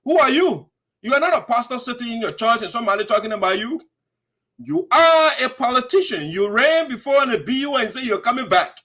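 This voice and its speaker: A man's voice: very high-pitched, animated, brisk, sharp tone. A man with a Liberian English accent hosting heated political commentary, indignant and mocking. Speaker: host.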